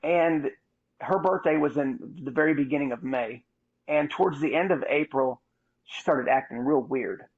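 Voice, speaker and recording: Gravelly man telling a candid story. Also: on the high side, moderate pace. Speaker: podcast host. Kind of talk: casual storytelling. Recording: muffled lo-fi audio.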